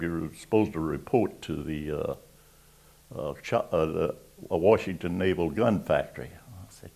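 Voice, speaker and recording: Low, unhurried, creaky, mellow and husky, this is the voice of a man about ninety with a Southern accent from Georgetown, South Carolina. Interviewed for oral history, the WWII navy veteran rambles folksily through old navy tales, chuckling in between.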